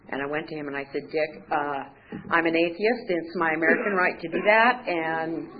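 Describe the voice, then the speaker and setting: A woman's voice: sits low, muffled recording, noisy background. A woman giving a personal recovery testimony, telling her story candidly with wry humor and acting out the conversations. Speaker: recovery speaker.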